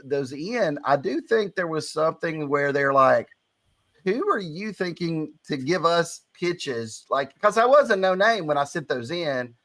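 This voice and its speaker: A man from Alabama talks in a thick Southern twang, his voice sitting a touch higher than most men's. He speaks frankly and plainly in a casual podcast chat, owning his accent without fuss. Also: lively intonation, measured pace, fairly bright tone, dry recording. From Alabama, USA. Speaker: comic book creator, podcast co-host.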